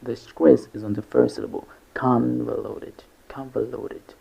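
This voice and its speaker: Gravelly, husky male English teacher. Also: mid-range voice, mellow. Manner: repeats syllables slowly and deliberately. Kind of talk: pronunciation lesson. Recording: dull lo-fi recording.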